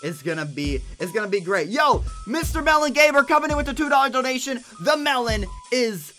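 A young man hosting a casual gaming livestream, excitable and chatty, yelping at mishaps and thanking donors aloud. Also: very high voice, a little fast, faint music behind. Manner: excitable, loud yelps, reads donations aloud. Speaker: livestream host.

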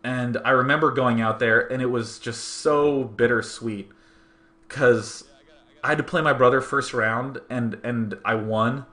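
Young guy w a bright voice telling an emotional story, lots of fillers. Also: medium pitch, steady tone, measured pace. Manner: earnest, emotional, conversational with many fillers. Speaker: host recalling a tournament. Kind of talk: reflective storytelling.

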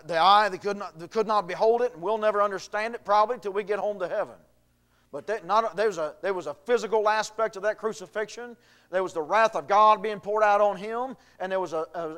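A man's voice: high-pitched, fairly bright tone. A male pastor preaching a sermon, reading scripture aloud and building in intensity. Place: church.

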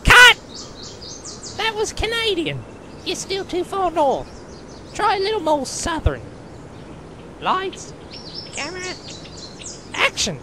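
A woman's voice: very high voice, huge pitch swings, slow, pauses often, background noise, full character voice. A woman voicing a fussy bossy male director. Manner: exclaiming, bossy.

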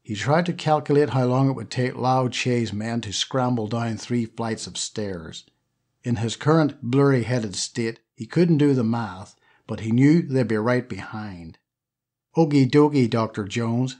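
A man narrating an adventure novel as an audiobook reader, telling the story in a steady, lively way. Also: medium pitch, slightly rough. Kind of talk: scripted narration.

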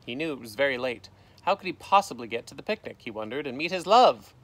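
Bright-voiced man reading a storybook. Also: medium pitch, fast. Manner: lively voices for characters, gentle sign-off. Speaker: teacher reading aloud. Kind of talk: storybook read-aloud. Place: outdoors in a canoe.

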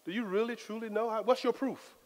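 A man preaching a sermon as pastor, in a lively, conversational style full of casual Southern phrasing. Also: high voice, fast. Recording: long hall reverb.

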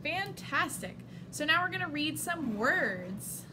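Encouraging woman teacher with a lively voice. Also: high-pitched, slow pace, background noise. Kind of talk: reading lesson for young children.

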